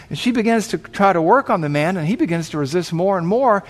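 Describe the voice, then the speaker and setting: A man's voice: high-pitched, animated, fast, few pauses. A man preaching, telling a dramatic illustration and acting out the voices of the people in it. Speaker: pastor. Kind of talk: sermon illustration storytelling.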